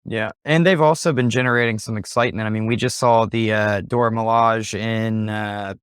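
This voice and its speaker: A man's voice: on the low side, steady tone, moderate pace, clean tone, no echo, studio quality. A man in a casual podcast chat, hesitant and full of likes and uhs.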